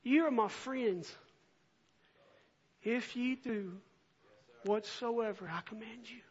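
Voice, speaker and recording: A man preaching a sermon, moving from quiet scripture reading to earnest, impassioned appeals. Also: very high voice, slow pace, slightly rough. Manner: earnest, swells from soft reading to impassioned near-shouting. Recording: dull lo-fi recording.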